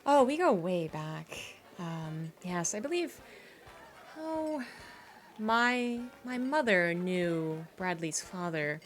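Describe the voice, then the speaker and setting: A woman's voice: fairly low pitch, lively intonation, slow, a little hiss or hum. A woman voicing a proper, haughty, reserved woman who sounds stiffly polite. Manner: stiff, polite, slightly flustered.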